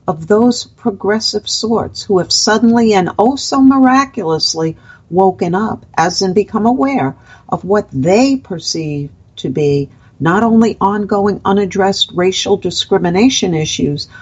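A woman's voice: medium pitch, expressive, unhurried, darkish tone, husky, muffled recording. A woman from the United States reading long prepared political commentary as a guest, with a sarcastic edge.

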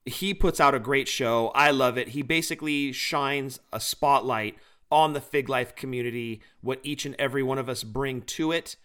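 A man's voice: mid-range voice, normal speed, fairly bright tone. A man co-hosting a podcast, chatting casually and doing enthusiastic, joking plugs for other shows. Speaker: podcast co-host.

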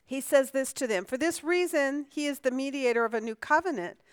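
A woman's voice: high voice, a little fast, no echo. A woman teaching a conversational Bible lesson. She asks the class questions, answers them herself and often restarts her sentences.

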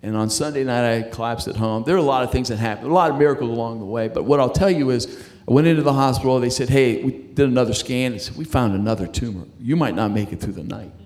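This middle-aged man's voice sits in the mid-range and sounds a little mellow as he recounts his faith testimony conversationally. He speaks haltingly, stumbling, repeating words, and restarting along the way.

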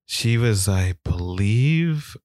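A man's voice: fairly low pitch, lively intonation, a little mellow, no room sound, clean studio sound. A man co-hosting a casual podcast, chatting loosely and recapping a wrestling match. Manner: easygoing, rambling with fillers, quick laughs. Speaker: podcast co-host.

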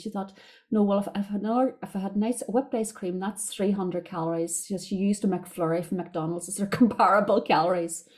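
A woman's voice: mid-range voice, steady tone, brisk, a little mellow. A middle-aged Irish woman, a diet coach hosting a podcast, chatting casually as she retells conversations with her clients. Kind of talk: casual storytelling monologue.

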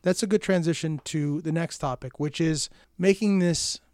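A man's voice: a little high, normal speed, darkish tone, dry recording, clean studio sound. A man co-hosting a podcast in casual chat, talking conversationally and often chiming in with agreement. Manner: frequent backchannel agreement, conversational. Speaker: podcast co-host.

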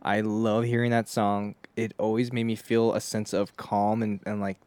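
Brief: man, 30s, lowish voice, excitable laughing podcast co-host, dry close recording. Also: moderate pace, clean tone, no room sound. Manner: chatty and excitable, laughs often, says "dude". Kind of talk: casual film review chat.

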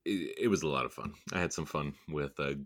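A man's voice: rumbling low, fast. A man co-hosting a podcast, chatting casually in a laid-back, teasing way and chuckling often. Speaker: podcast co-host. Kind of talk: casual chat.

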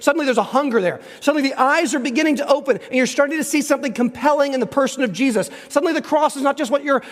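A man preaching a sermon as a pastor, emphatic and conversational, slowing down to read scripture aloud. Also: extremely high pitch. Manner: emphatic, conversational, slows down when reading scripture. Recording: reverberant hall.

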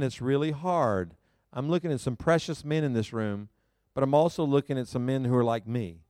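A male pastor preaching a sermon to a congregation, telling a personal story in an animated, self-mocking way and laughing often. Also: mid-range voice, clear, resonant tone, no room sound, studio quality. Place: church service before a live congregation.

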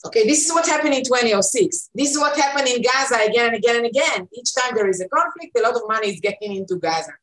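A woman from Israel talks through political analysis in English, pressing her points with repetition and fillers. Her voice sits fairly high. The room around her is noticeably echoey. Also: animated, fast talker, hardly any pauses, fairly bright tone. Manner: emphatic, repeats words, frequent fillers. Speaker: interview guest, analyst.

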